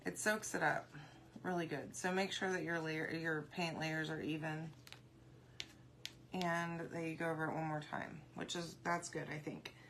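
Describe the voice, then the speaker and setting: A chatty woman with a slightly low voice walks viewers through a craft project in a loose, rambling way. She talks while she works and answers comments aloud as they come in. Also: little pitch movement, normal speed, a bit bright, slight background noise. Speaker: craft video host. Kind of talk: casual crafting tutorial.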